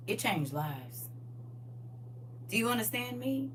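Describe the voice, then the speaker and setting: A middle-aged woman preaching a lively sermon to a congregation. She swings between soft asides and loud bursts and acts out the people she quotes. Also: fairly high pitch, unhurried, pauses often. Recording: distant mic with faint hum.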